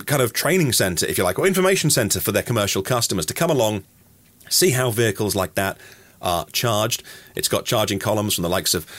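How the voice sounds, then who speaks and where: Male news podcaster, lowish voice, dry close sound, chatty asides between stories. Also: fairly bright tone, dry recording. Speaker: podcast host. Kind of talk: daily news podcast reading.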